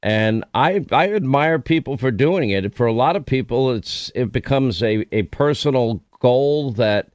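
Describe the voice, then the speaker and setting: A man's voice: mid-range voice, expressive, unhurried, hardly any pauses, dry recording. A middle-aged man hosting a talk radio show, bantering and teasing his co-workers on air. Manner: teasing, joking.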